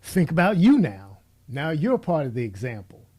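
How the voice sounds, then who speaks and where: Here the middle-aged commentator sounds fairly high and husky, with a darkish tone, very animated as he moves at a moderate pace. It's a blunt, preachy monologue aimed directly at the man or woman he's faulting.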